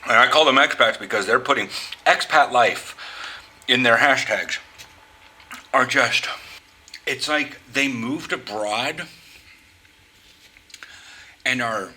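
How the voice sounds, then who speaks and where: Man, vlogger, from the Pacific Northwest, unhurried delivery, sharp tense tone, halting with restarts. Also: medium pitch, poor audio. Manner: halting, restarts sentences, wry asides. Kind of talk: opinionated commentary.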